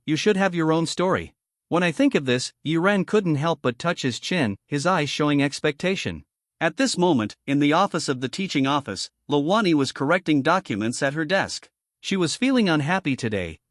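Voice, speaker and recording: A man reads a comic story recap in a steady, scripted way. His voice sits slightly high and moves through a lively range of pitch. The sound is dry and close, with no room echo. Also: moderate pace. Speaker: narrator.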